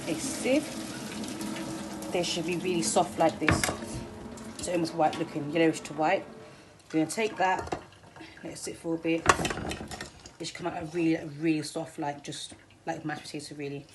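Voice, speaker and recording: Young female vlogger with a low voice, relaxed and self-deprecating while cooking; kitchen noise behind her. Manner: chatty, self-deprecating, with fillers and laughs. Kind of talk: casual cooking demonstration. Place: home kitchen. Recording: noisy kitchen recording.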